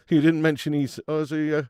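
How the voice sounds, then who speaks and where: A man's voice: a little high, darkish tone, smooth, no room sound, clean studio sound. A man hosting a live football watch-along, chatting and laughing with his viewers. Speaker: host.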